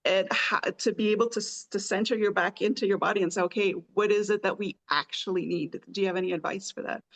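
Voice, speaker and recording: A woman's voice: medium pitch, fairly even intonation, fast talker. A woman with a mid-range voice hosts a podcast conversation. She asks long, winding questions in an easy, conversational interview style. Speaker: podcast host.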